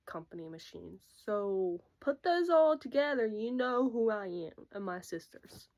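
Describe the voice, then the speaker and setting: A young woman in casual storytime chat, retelling a breakup in an animated way and acting out what everyone said. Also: mid-range voice. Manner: animated, quotes people with "I'm like". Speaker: YouTuber.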